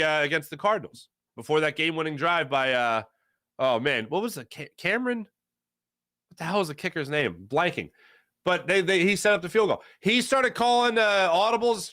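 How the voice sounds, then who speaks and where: A man hosting a casual sports talk show, animated and emphatic, repeating phrases for effect. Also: a little high. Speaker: sports podcast host.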